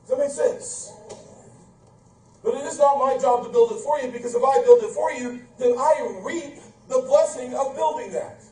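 High-voiced man preaching fervently. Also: moderate pace, mellow. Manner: fervent, emphatic preaching with rhetorical questions and humorous asides. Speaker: pastor. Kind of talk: sermon. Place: church sanctuary, indoors. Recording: echoey church from far off, faint room noise.

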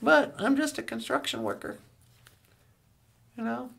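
Brief: cheerful rambling male frog puppet, high and gravelly, telling a joke. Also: huge pitch swings, measured pace, a bit bright, heavily acted. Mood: joking. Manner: rambling storyteller with restarts and asides. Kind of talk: comedic call-in impression.

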